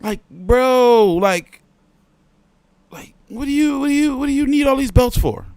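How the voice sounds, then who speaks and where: On his boxing livestream, a host with a slightly mellow voice keeps a measured pace yet rants in profane, heated outbursts whose pitch and volume swing widely. There's no echo.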